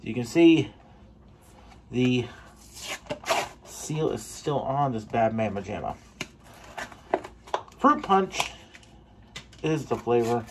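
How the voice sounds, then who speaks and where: A man reviewing a pre-workout supplement in a casual taste-test vlog, excitable and swearing for emphasis. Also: medium pitch, slow, long pauses, background noise. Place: home gym.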